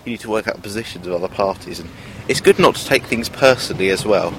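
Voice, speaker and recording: A man with a fairly low voice rambles through a self-filmed video monologue, hesitating and restarting often. A faint hiss of background noise sits under his voice. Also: fast, a bit bright. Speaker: vlogger.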